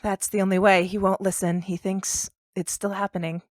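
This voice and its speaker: A woman's voice: mid-range voice, moderate pace, no room sound. A woman playing a tabletop game who reacts with feeling and laughs often. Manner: emotional, expressive, laughing often. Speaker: player. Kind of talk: tabletop role-play.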